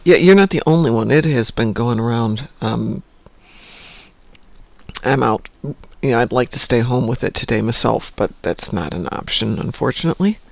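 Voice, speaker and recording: A man's voice: mid-range voice, expressive, moderate pace, vocal fry, dry recording. A man hosting a casual morning live stream from home, rambling and joking about his day. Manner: rambling, chatty, self-joking.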